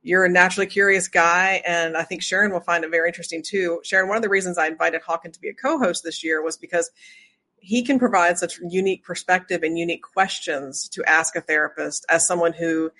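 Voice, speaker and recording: A woman's voice: on the low side, steady tone, fast talker, sharp tone. A woman hosting an interview podcast, chatting with a returning guest and laughing often. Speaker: podcast host. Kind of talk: casual interview chat.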